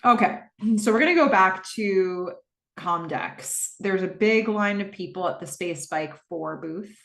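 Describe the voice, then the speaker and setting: A woman's voice: mid-range voice, expressive, measured pace, a bit bright. Chatty podcast host woman, roomy echo. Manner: chatty with frequent fillers. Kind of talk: casual episode recap.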